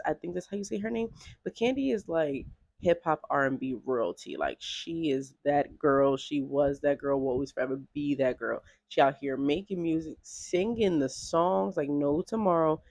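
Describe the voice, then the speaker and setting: A woman talking casually to camera in a vlog, chatty and animated, peppering her speech with "like". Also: deep voice, moderate pace, no room sound. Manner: chatty and animated, heavy use of "like". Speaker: vlogger.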